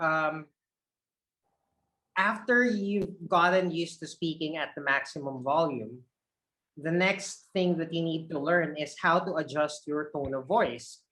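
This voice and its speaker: Man, call center trainer, video call, expressive tone that rises and falls. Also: fairly high pitch, a little hiss or hum, low-quality recording. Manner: expressive, shifts energy up and down to demonstrate tone. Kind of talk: online training session.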